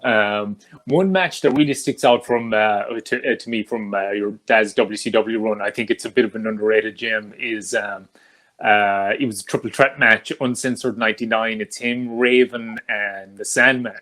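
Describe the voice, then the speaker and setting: A man hosting an interview, asking questions in a halting way full of "uh" and "um". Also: lowish voice, fairly even intonation, a bit bright. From Ireland. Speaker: podcast host. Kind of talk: casual interview.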